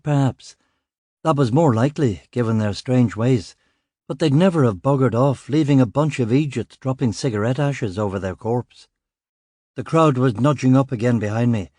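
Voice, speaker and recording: A man reading a crime novel in first person, with a dry, sardonic, gruff delivery. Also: mid-range voice, darkish tone, dry recording. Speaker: audiobook narrator. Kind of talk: first-person scripted narration.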